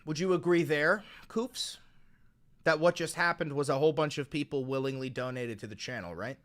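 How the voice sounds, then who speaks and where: A man hosting a livestream and reading out donations, talking sarcastically, bursting into loud mocking rants and dropping to low dry replies. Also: moderate pace.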